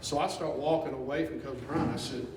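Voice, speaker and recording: A man, a former player and assistant coach, telling an animated story on a panel and laughing as he goes. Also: on the high side, brisk. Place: event hall with an audience. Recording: echoey room from far off with noise.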